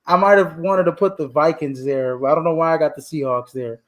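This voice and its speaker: A man co-hosting a casual sports podcast, speaking in a noticeably high voice. He is animated and blunt, throwing in mild curses and laughing at his own slip-ups. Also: brisk. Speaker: co-host giving fantasy football rankings.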